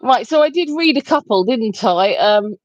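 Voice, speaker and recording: A woman's voice: a little high, gravelly, no echo, highs cut off. A woman co-hosting a livestream, reading viewer comments aloud and laughing often in casual banter. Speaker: livestream co-host reading chat.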